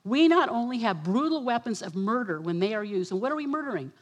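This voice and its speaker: A woman's voice: fairly high pitch, fast talker. A woman preacher giving a sermon, telling a vivid story and acting out the voices of the people in it. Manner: animated storytelling, quotes herself and others.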